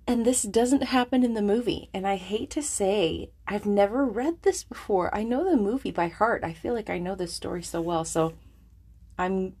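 Husky woman reader, chatty and eager between chapters, steady narration of a classic novel. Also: mid-range voice, normal speed. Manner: chatty, self-deprecating, eager. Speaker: audiobook reader. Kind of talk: casual intro then novel narration.

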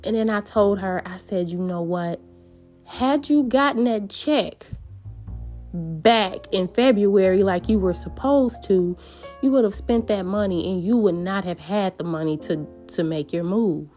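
Slow-paced woman telling a personal story. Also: mid-range voice, a little mellow, soft background music. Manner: meandering, earnest, many fillers and restarts.

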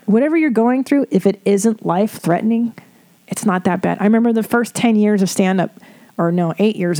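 A middle-aged woman talks through listener problems in a loose, candid way, with frequent swearing and quick laughs. Her voice is mellow and warm and sits at an ordinary pitch. It sounds like an unscripted podcast chat. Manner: frank, swears freely, laughs often. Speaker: podcast host giving advice. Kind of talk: casual advice chat.

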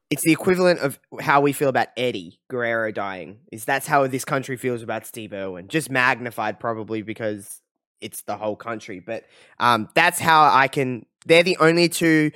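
A man's voice: medium pitch, pushed and bright, no room sound, clean studio sound. A man in his twenties with an Australian accent, hosting a casual video-call chat, talkative and loose with swearing. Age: 20s. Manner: chatty, swears freely, trails off into reflection. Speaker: host.

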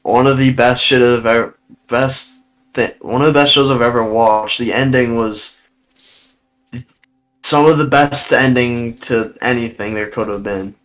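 A man's voice: medium pitch, steady tone, a little slow, a bit bright, rough recording. A young man co-hosting a podcast, laid-back and rambling, swearing casually. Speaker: podcast co-host. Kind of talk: casual chat.

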